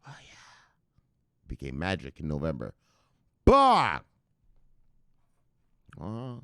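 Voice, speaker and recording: Deep-voiced man ranting loudly. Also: big pitch swings, moderate pace, no echo, clean studio sound. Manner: profane, shouts "bang" at viewers' names, laughs often. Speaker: crypto news host. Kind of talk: casual livestream rant. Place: at home.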